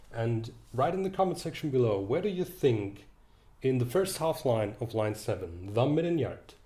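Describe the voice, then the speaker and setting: A young man giving an online literature lecture, thinking aloud with hesitant fillers and restarts, reading verse lines slowly. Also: mid-range voice, warm tone, echoey room. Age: young adult.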